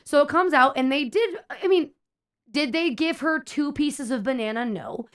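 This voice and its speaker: A young adult woman streamer telling a story in casual chat, animated and exasperated, acting out the people she quotes. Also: high-pitched, moderate pace.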